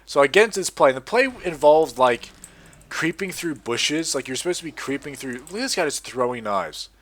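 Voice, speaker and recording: A young Australian man rambling and swearing through casual commentary while playing a video game, with sudden excited outbursts. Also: on the high side, fairly quick. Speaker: gaming commentator.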